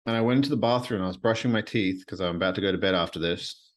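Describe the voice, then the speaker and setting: This podcast host speaks quickly in a deep voice, recording solo from his apartment at night. He rambles earnestly through a reflective monologue and repeats phrases frequently.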